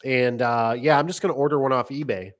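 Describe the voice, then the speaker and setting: A man's voice: mid-range voice, steady tone, brisk. Middle-aged tradesman, casual rambling anecdotes, everyday voice, fits a business owner's vlog. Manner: rambling, acts out customer voices. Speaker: garage door business owner. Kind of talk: casual storytelling monologue.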